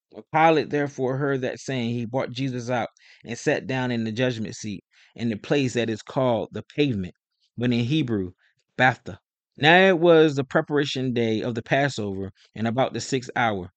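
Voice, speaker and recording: Man reading scripture, steady, mid pitch, dry close sound. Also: moderate pace, no echo. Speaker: scripture reader.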